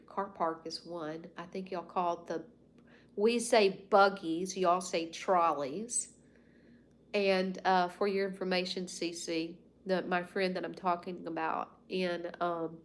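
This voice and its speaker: Chatty Southern woman, lower voice. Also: slight background noise. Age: 50s. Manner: rambling and folksy, with soft asides. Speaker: livestream host. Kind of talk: casual chat with live viewers. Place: at home.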